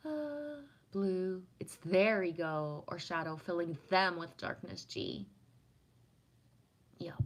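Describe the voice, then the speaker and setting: A woman's voice: lowish voice, animated, slow, long pauses. Casual woman reading her livestream chat. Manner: warm, affirming, spiritual musing with frequent "right?". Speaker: livestream host answering chat.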